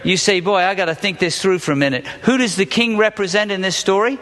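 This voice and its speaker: Guy teaching a bible story, high voice, asks the listeners lots of questions, long hall reverb. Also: quick pace, a bit bright. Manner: reads scripture aloud, then questions the listeners with small laughs.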